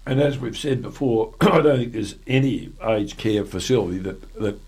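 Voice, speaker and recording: Husky man interviewing. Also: medium pitch, moderate pace, darkish tone. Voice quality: clears his throat at times. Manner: chatty, asks rambling follow-up questions. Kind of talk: casual radio-style interview.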